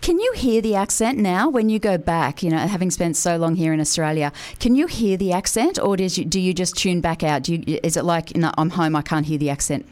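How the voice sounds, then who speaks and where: A woman's voice: on the low side, animated, fairly quick, few pauses, darkish tone. A woman hosting a morning radio show, chatty, asking questions in long run-ons. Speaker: radio host.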